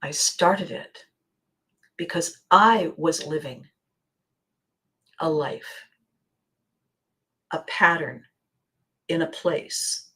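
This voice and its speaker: A woman hosts her own podcast in a reflective, motivational monologue. She lingers over her phrases and leaves dramatic pauses. At times her voice sinks to a near-whisper for emphasis. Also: deep voice, sharp tone. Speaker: podcast host.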